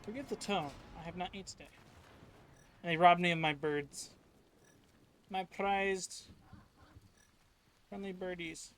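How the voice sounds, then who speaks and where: A man streaming a video game, chatting casually to his viewers and getting loudly frustrated with the game. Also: sits high, fairly even intonation, unhurried, long pauses. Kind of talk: casual gameplay commentary.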